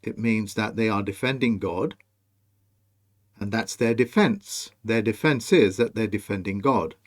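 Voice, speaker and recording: Slow, commanding low-voiced man. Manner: slow, emphatic and commanding, addressing the viewer directly. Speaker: video presenter. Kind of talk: scripted monologue over on-screen images.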